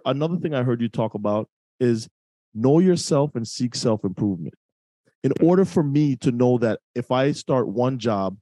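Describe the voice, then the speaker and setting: A man's voice: mid-range voice, mellow, dry recording. A man co-hosting an interview show, summing up the guest's points with some restarts. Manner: sums up points, restarts sentences. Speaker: podcast co-host. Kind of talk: casual interview talk.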